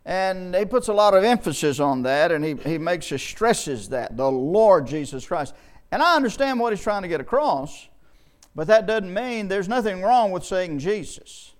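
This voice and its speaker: A man preaching a sermon in a folksy way, often repeating and restarting words and slowing down to read scripture. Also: sits high, expressive.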